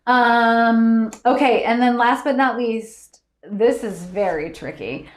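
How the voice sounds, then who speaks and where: A woman hosting a live trivia stream, chatty and quick to laugh as she reads out viewers' answers. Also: a little high, roomy sound. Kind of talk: casual live-stream chat.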